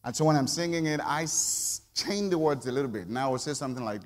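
Speaking fast in a mid-range voice with few pauses, a middle-aged preacher delivers a conversational sermon, often prompting the congregation to answer back. It's recorded in a church sanctuary with long reverb.

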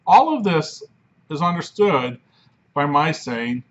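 Male professor, conversational lecture, slightly husky, dull recording. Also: on the high side, very animated, unhurried, a bit bright. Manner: conversational, frequent "right?" checks. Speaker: philosophy professor.

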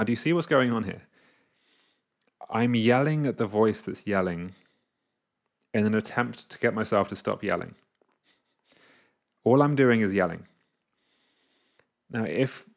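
A man's voice: on the low side, creaky. A man talking casually to camera as a coach, explaining an idea through his own examples and acting out his inner voices. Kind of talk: casual reflective monologue to camera.

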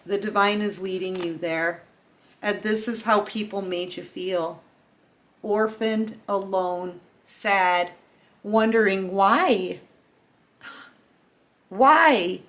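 A woman's voice: medium pitch, fairly even intonation, slow. A woman giving a casual collective tarot reading, speaking earnestly and directly to the viewer in a loose, chatty way. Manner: earnest, heartfelt, talks straight to the viewer. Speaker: tarot reader.

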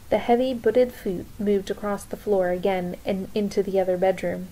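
A woman reading a novel aloud in a calm, measured storytelling voice. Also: mid-range voice, low-quality recording. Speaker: reader. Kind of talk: audiobook narration.

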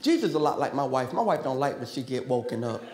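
A man preaching a sermon in a large church, joking with the congregation and building to shouted call-and-response. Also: mid-range voice, big pitch swings, quick pace. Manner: folksy, joking asides. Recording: echoey church hall with faint music.

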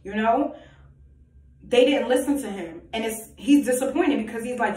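Speaking at a normal speed in a warm voice on the high side, this woman preaches emphatically about her own views, repeating herself and firing off rhetorical questions. She presents herself as a prophetic vlogger, recorded in an echoey room well away from the microphone.

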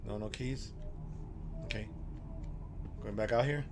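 A man's voice: on the low side, measured pace, gravelly, noisy background. A man giving joking let's-play commentary on a horror game, talking to his viewers and to the characters on screen. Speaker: gaming channel host. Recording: game music underneath.

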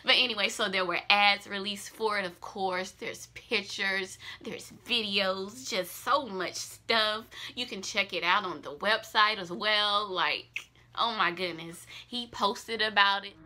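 A woman's voice: medium pitch, unhurried, bright, forceful tone. A young woman hosting a casual fan news vlog, gushing and effusive with slangy asides.

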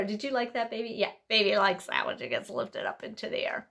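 Lively sing-song storytime woman. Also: medium pitch, a little fast, gravelly, hardly any pauses. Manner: sing-song, gentle and playful with a baby doll. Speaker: library storytime leader. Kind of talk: toddler rhyme time.

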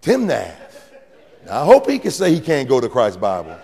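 A male pastor preaching to his congregation with call-and-response and playful teasing, swinging between sudden shouts and quiet asides. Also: medium pitch, huge pitch swings, normal speed, gravelly, long reverb tail, a little hiss or hum. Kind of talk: sermon. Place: church sanctuary with congregation.

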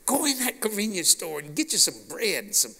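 A man's voice: very high voice, very animated, brisk, creaky, a bit bright, voice pushed up, exaggerated voice. A man voicing a blunt, cussing older man who pays a stranger's gas, asking questions emphatically. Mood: insistent. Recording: long reverb of a large hall.

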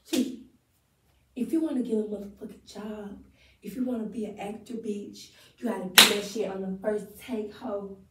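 A woman's voice: mid-range voice, steady tone, moderate pace, echoey room, very noisy. A young woman, chatting bluntly and profanely to her vlog viewers about her acting homework. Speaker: vlogger and acting student. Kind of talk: casual vlog chat. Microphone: phone camera.

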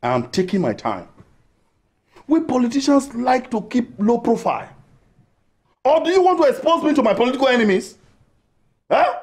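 An actor with a Nigerian accent playing a boastful, self-important politician who blusters and threatens. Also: male voice, very high voice. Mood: blustering. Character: boastful pompous male big-shot politician. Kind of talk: comedic film acting.

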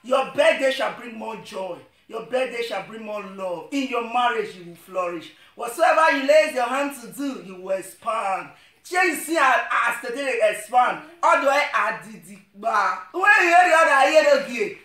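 A man with a Nigerian Pidgin English accent shouting playful, sing-song birthday wishes in a video message. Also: very high voice, lively intonation, normal speed, distant mic. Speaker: well-wisher. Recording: echoey room, off-mic, music behind.

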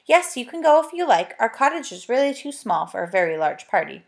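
A woman's voice: fairly high pitch, sing-song, a little fast, vocal fry, pitched above the performer's own voice. A woman reading aloud, voicing a firm, no-nonsense mother. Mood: calm.

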